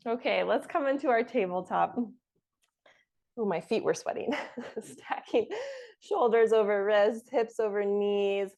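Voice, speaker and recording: A young woman leads a yoga class in a calm, encouraging voice. She talks you through each pose and laughs softly now and then. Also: mid-range voice, measured pace. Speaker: yoga instructor. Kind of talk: guided yoga class instruction.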